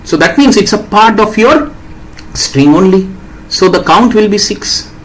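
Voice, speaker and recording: A man's voice: high voice, animated, a little slow, fairly bright tone, low-quality recording. Man, programming teacher, live lecture, patient explanations, faint background hum. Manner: explains patiently, reads out questions, asks "right?". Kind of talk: live-streamed lecture answering viewer questions.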